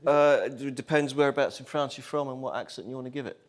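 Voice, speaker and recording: A man's voice: medium pitch, fairly even intonation, quick pace, over a noisy crowd. A man guesting on a comedy football panel, making pedantic quips. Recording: live audience laughter behind.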